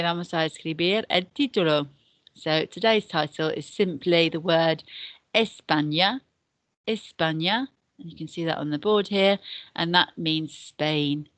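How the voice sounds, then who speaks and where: Low-voiced woman teaching a patient beginner lesson. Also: a bit bright, no echo. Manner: patient, step-by-step teacher explaining and repeating. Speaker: deputy head and Spanish teacher. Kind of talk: recorded classroom lesson for beginners.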